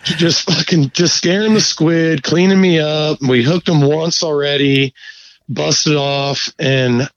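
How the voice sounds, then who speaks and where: Profane laid-back fishing storyteller, muffled. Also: male voice, fairly high pitch, fairly even intonation, slow, no echo. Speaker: guest angler. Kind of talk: casual storytelling.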